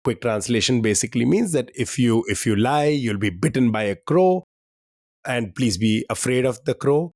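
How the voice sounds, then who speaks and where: A man's voice: mid-range voice, expressive, moderate pace, a little mellow, no echo, clean studio sound. A man co-hosting a podcast quiz in casual banter, teasing and laughing often.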